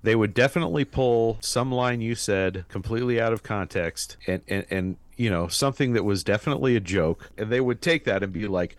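A man's voice: fairly low pitch, fairly quick, few pauses, dry recording. A man co-hosting a casual movie-review podcast, with wry, sarcastic asides. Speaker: podcast co-host.

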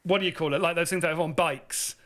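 A man's voice: a little high, steady tone, quick pace, a bit bright. A man co-hosting a casual chat podcast, dry and teasing. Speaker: podcast co-host.

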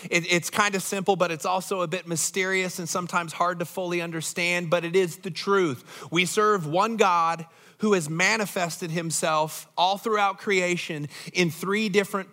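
A pastor delivering a sermon to his church congregation. He preaches in a conversational way and keeps asking the people questions. His voice sits high, and it sounds bright and forceful. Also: steady tone, moderate pace.

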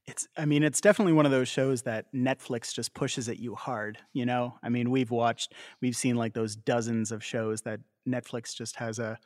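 Canadian male podcast co-host, chatty and laughing, frequent restarts, middle pitch, dry close sound. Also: steady tone, moderate pace, hardly any pauses, no echo. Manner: chatty, laughs often, trips over his words. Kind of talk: casual chat.

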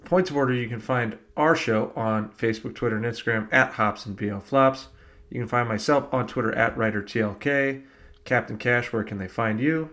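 Male podcast host, average pitch, jokey and mock-serious, casual chat. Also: fairly quick, a bit bright.

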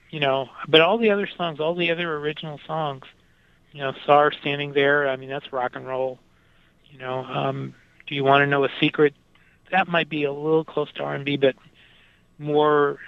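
A man's voice: fairly high pitch, gravelly, clear, resonant tone, dry recording, lo-fi sound. A man talking casually about music, with lots of fillers and restarts as he thinks aloud. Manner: hesitant, many fillers and restarts.

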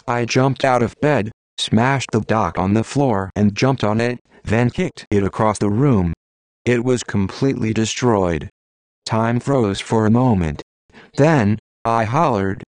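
A man giving a plain, steady first-person audiobook narration of literary fiction. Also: fairly low pitch, a little slow, no echo.

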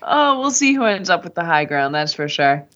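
A woman's voice: fairly low pitch, very animated, normal speed, fairly bright tone. A woman co-hosting a podcast, chatting casually with a teasing, giggly manner. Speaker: podcast co-host. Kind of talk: casual chat. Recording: dull lo-fi audio.

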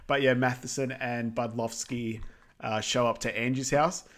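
A man's voice: medium pitch, steady tone, normal speed, a bit bright. A man co-hosting a podcast, recapping a film in casual chat, rambling with lots of fillers and quoting lines. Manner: rambling, filler-heavy retelling with quoted lines. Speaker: podcast co-host.

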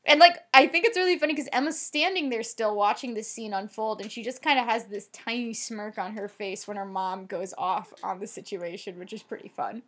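A woman's voice: medium pitch, a bit bright. A woman co-hosting a casual podcast, chatting through a TV episode and retelling scenes. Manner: chatty, retells scenes with quick quoted lines. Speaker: podcast co-host. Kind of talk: casual chat recapping a TV episode.

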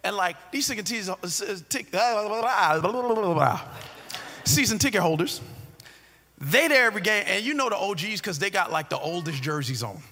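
Lively joking preacher, high bright voice. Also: male voice, moderate pace, a little hiss or hum. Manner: animated, joking, full of asides to the audience. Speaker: pastor. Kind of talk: storytelling sermon. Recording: long hall reverb.

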